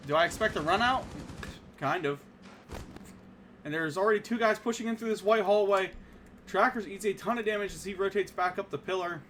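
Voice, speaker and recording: A man casting a live esports match with rapid play-by-play and bursts of excitement on big plays. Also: high voice, slight background noise. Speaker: esports caster.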